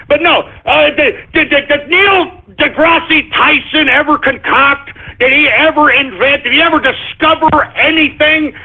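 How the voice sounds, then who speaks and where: A man hosting a talk radio show, ranting in a combative, sarcastic and repetitive way. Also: high voice. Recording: tinny phone-like lo-fi audio.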